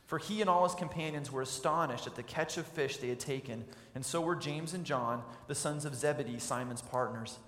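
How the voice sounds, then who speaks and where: A man's voice: on the high side, fairly quick, hardly any pauses, fairly bright tone. A man preaching a sermon as pastor, telling a scene vividly for his listeners. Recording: echoey hall with long reverb.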